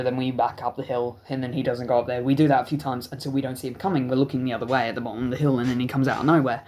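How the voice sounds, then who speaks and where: A man's voice: mid-range voice, a little mellow. A young adult man, telling a rambling, profane story as a vlog host. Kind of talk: casual storytelling.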